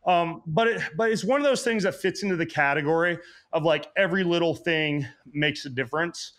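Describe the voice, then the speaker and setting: A man with a slightly high, somewhat bright voice appears as a podcast guest in a casual interview chat. He talks quickly about health habits in a relaxed manner full of fillers.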